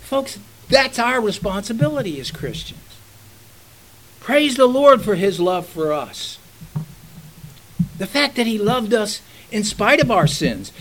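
A man's voice: high-pitched, a bit bright, rough recording. An older man, a pastor preaching a sermon in a folksy storytelling manner that rises into fervent exhortation.

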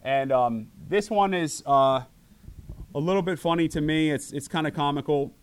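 A middle-aged man preaching a sermon to his church, animated and acting out voices when he quotes people. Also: fairly high pitch, moderate pace, smooth. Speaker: pastor.

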